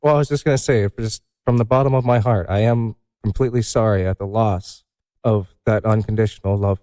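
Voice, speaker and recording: Earnest halting man with a dark voice. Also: fairly low pitch, fairly even intonation, dry recording, studio quality. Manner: halting, earnest, many restarts. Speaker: podcast host. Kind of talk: sympathetic interview talk.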